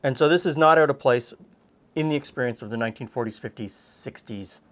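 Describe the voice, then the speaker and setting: A man's voice: mid-range voice, fairly quick. Chatty male cooking show host. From Canada. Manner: relaxed, chatty, frequent "um"s. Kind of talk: casual cooking chat.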